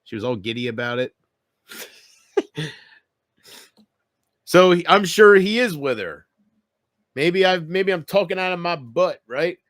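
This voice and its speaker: A man rambling and joking through a casual livestream, swearing freely as he goes. His voice sits somewhat high for a man. The sound is close and dry, with no room around it. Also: animated, unhurried, long pauses, a bit bright, dry recording.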